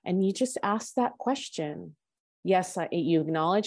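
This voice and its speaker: A woman coach and mediator, a podcast guest, talking earnestly and gently as she guides the listener. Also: on the low side, expressive, measured pace, dry recording, studio quality. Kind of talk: podcast interview.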